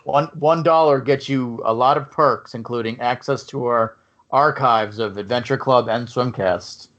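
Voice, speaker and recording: A male podcast host chats casually at a middle pitch, jokey and loose, tripping over and repeating words. The audio is muffled and lo-fi. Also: unhurried, fairly bright tone. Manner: joking, chatty, stammers and repeats words. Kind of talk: casual chat.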